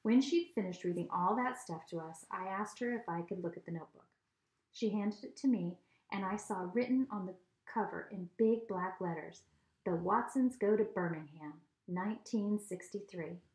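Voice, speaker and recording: A woman reading a children's novel aloud at home, with steady, expressive storytelling. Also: medium pitch, moderate pace. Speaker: reader. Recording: echoey room.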